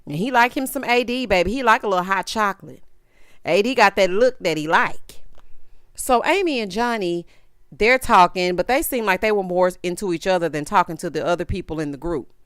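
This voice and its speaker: A woman giving sassy, animated commentary as she recaps a reality show. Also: mid-range voice, brisk, clean tone, no room sound, clean studio sound. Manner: animated, sassy, acts out quotes.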